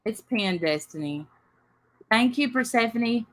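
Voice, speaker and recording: A woman's voice: fairly high pitch, lively intonation, unhurried. A woman co-hosting a casual vlog, dropping wry side remarks. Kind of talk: casual interjections.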